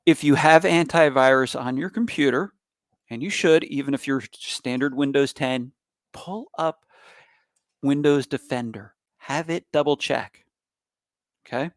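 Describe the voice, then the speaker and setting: A man giving a cybersecurity talk in an emphatic, animated manner, with bursts of loud stress. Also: mid-range voice, a little slow, no echo, studio quality. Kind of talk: public presentation.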